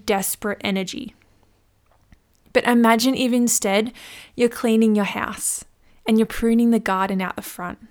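A woman hosting a solo business podcast, chatty and playful, acting out little scenes as she gives advice. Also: on the high side. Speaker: podcast host, business coach.

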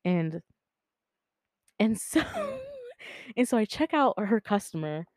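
A woman's voice: medium pitch, big pitch swings, slow, dry recording, clean studio sound. A woman casually telling a personal story, chatty and full of fillers, swearing freely and acting out the dialogue. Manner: acts out dialogue in quotes.

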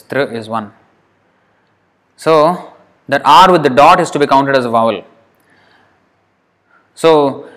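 A Sanskrit teacher runs an online class over a video call, his middle-pitched voice fairly bright in tone. Patiently, he reads his students' answers out one by one and splits words into syllables, stretching them slowly as he counts.

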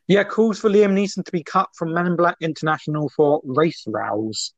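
A man with a gravelly edge to his voice chats casually as a podcast co-host. He jokes often and breaks into laughter easily. The sound is dry and close, with no room echo. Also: on the high side, muffled recording. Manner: joking, quick to laugh. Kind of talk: casual chat.

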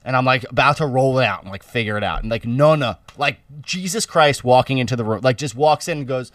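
A man's voice: medium pitch, fast, fairly bright tone, dry recording, studio quality, distant mic. A man from an Italian-American family co-hosting a podcast in casual chat, laid-back, swearing and full of slang. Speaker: podcast co-host.

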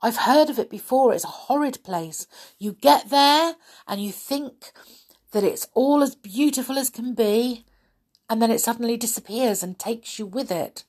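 A woman's voice: fairly high pitch, moderate pace, darkish tone, pitched above the performer's own voice, natural voice. Woman as a storybook boy: cross, bossy, scolding. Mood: warning. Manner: scolding, insistent.

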